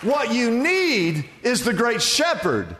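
A man preaching a sermon to a church, with dramatic phrasing that swoops from high to low and falls quiet. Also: huge pitch swings, some chatter behind, a little hiss or hum. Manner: dramatic preaching, drawn-out phrases, sharp drops in pitch and loudness. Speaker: pastor. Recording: long reverb of a church hall.

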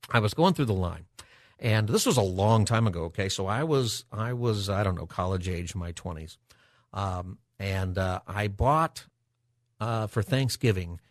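Low-voiced talk radio host, a man. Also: no echo, clean studio sound. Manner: relaxed, conversational, many "uh" fillers. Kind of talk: Christian talk radio monologue. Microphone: studio microphone.

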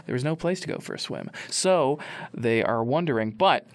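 A man's voice: medium pitch, animated, moderate pace, dry recording. A man co-hosting a casual news chat show, speaking in a hesitant, playful way full of fillers. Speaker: co-host.

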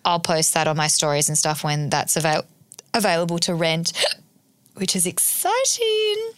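A woman hosting a podcast in a relaxed, conversational way and steering the topics. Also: fairly low pitch, moderate pace, no room sound. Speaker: podcast host. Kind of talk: casual chat.

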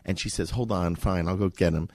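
Fast-talking man telling a story. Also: sits low, no room sound. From Miami, USA. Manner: lively storyteller, acts out quoted voices. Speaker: guest. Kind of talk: animated interview storytelling. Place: office with a gathering.

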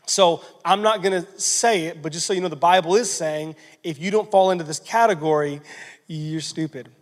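A man's voice: high-pitched, a little fast, big-room sound. A man in his thirties preaching a sermon as a pastor, earnest, repeating words and dropping to a near whisper in prayer.

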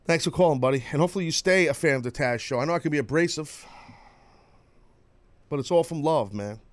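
A man's voice: fairly high pitch, quick pace, no room sound. A man in his fifties with a New York accent hosting a radio talk show, brash and boastful, swearing freely and breaking into sung jingles. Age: 50s. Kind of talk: loud casual radio banter.

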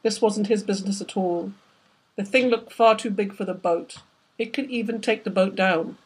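A woman, the author, reading aloud from her novel in steady, measured narration. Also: medium pitch, husky, low-quality recording. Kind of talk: book reading.

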